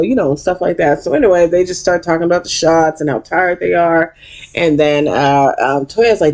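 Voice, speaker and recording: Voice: moderate pace, darkish tone. A casual recapper retelling a reality show episode in blunt, profane chat, full of fillers and acted-out quotes. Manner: acts out quotes with sudden high-pitched voices.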